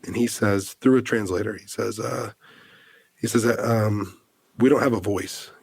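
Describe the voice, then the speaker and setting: An American man in his thirties, a podcast guest, telling a personal story in an earnest, halting way, full of fillers and restarts. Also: on the low side, fairly even intonation, gravelly, husky. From United States.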